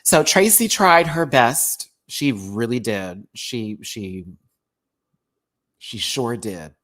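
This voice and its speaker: An American man with a mid-range voice speaks slowly while hosting his own channel. He reviews a show in a casual live-stream rant, animated, sassy and jokey, laughing as he goes.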